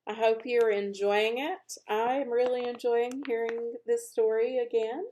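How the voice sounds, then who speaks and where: A woman reading a children's novel aloud, with expressive, animated narration as the channel's regular reader. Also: fairly high pitch, measured pace, a little hiss or hum. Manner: expressive, animated narration, speeds up at lively moments. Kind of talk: storybook read-aloud.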